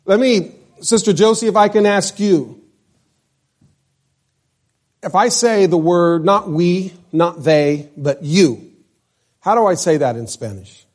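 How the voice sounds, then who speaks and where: A male pastor from New Mexico preaches in an unhurried, drawn-out way. His voice sits on the high side for a man. He pauses to put questions to the congregation as he explains his point. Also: expressive, a little mellow. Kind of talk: sermon.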